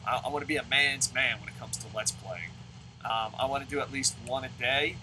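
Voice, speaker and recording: A man in his thirties commentating his own video game play at home, excitable and swearing, shouting at the game between rambling talk about his goals. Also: mid-range voice, fairly quick, noisy background. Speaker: gaming video host.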